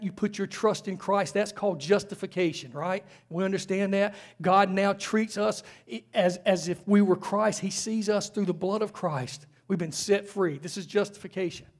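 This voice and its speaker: A man preaching a sermon in a church, conversational, with frequent rhetorical questions. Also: sits high. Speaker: pastor. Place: church sanctuary.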